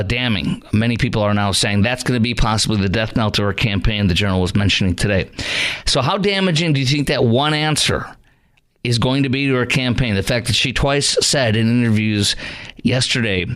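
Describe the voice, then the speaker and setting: A man's voice: mid-range voice, a bit bright. Rambling, opinionated male radio host. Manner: rambling, rapid, with many fillers. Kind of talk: opinionated talk radio monologue.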